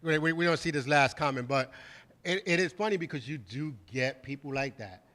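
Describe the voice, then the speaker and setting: Bright-voiced male host telling stories. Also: a little high, brisk. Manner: laughing anecdotes, acts out quotes. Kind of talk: casual chat.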